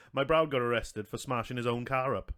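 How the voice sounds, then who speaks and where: A man's voice: mid-range voice, steady tone, moderate pace, fairly bright tone, no room sound, clean studio sound. A man hosting a podcast, telling crude stories in casual chat, swearing and laughing a lot. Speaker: podcast host.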